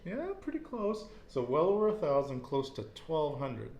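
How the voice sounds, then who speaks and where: A man's voice: fairly high pitch, huge pitch swings, moderate pace, darkish tone, roomy sound, slight background noise. A man teaching a casual Spanish lesson, repeating each answer and praising it.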